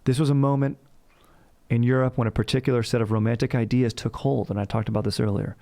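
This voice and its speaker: Man hosting history talk, gravelly low voice, slangy rambling, dry sound. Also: fairly even intonation, quick pace, mellow, no echo. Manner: rambling, slangy, cursing, lots of fillers. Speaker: history podcast host. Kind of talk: casual comedic history talk.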